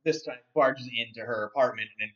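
Recapping a movie's story in a casual ramble full of fillers and restarts, a man who is not from London speaks briskly in a mid-range, slightly bright voice. A distant mic makes the recording dull.

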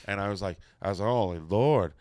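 A man's voice: lowish voice, fairly quick, no room sound. A middle-aged man telling a long, profane anecdote in casual chat, acting out the people in it. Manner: profane, animated storytelling with quoted voices.

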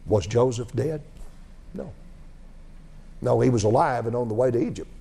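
Gravelly-voiced preacher delivering a sermon. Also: male voice, mid-range voice, normal speed, long pauses, dark tone. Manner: repeats phrases, asks rhetorical questions.

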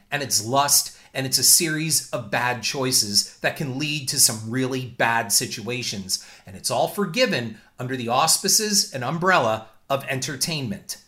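A man's voice: mid-range voice, pushed and bright. A man hosting a talk show, delivering a blunt, indignant and profane opinion rant. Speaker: podcast host.

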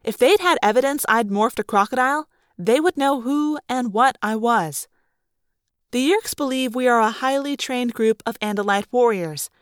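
A woman narrating a first-person audiobook with brisk, expressive storytelling on a close mic. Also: on the high side, dry recording.

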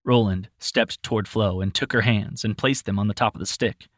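A man narrating a storybook in an expressive reading voice. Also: fairly low pitch, normal speed, hardly any pauses, no echo, studio quality.

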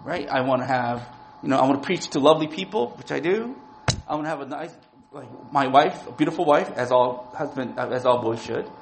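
A man's voice: medium pitch, expressive, fairly quick, creaky, background noise. A man in his forties preaching a sermon in a casual, talky way, often asking "right?" to the listeners. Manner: conversational, keeps asking "right?". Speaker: preacher and lawyer.

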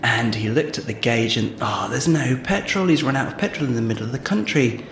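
Guy hamming up a bad joke, mid pitch, roomy echo and a bit of hiss. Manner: chatty, giggly, drawn-out storytelling. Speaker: podcast co-host. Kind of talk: playful comedy banter and joke telling. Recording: echoey room with faint noise.

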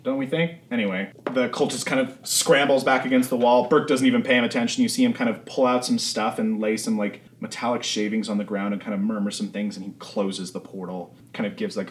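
A man's voice: lowish voice, flat delivery, brisk, few pauses, a little hiss or hum. A man narrating a tabletop game as game master, in a casual, rambling way full of fillers.

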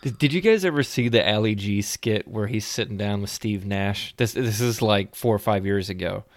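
Low-voiced man rambling through stories. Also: normal speed, no room sound. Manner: animated, rambling storyteller. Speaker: podcast host. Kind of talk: casual chat.

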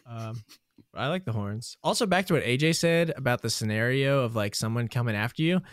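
A man's voice: medium pitch, animated, a little fast, no room sound. A young man hosts a loose podcast chat, rambling playfully and laughing at his own slips. His voice sits mid-range and the recording is dry. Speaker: podcast host. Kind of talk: casual chat.

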